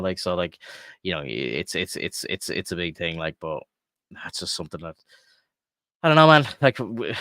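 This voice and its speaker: A man's voice: sits low, pushed and bright, dry recording, studio quality. A man from Ireland co-hosting a podcast, chatting casually and rambling with lots of filler words and swearing. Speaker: podcast co-host. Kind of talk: casual chat.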